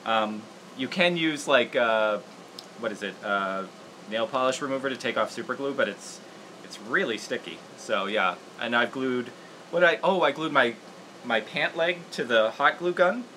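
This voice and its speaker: Man, puppeteer host, casual craft livestream, rambling, self-deprecating, bright voice. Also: medium pitch, normal speed, a little hiss or hum, poor audio.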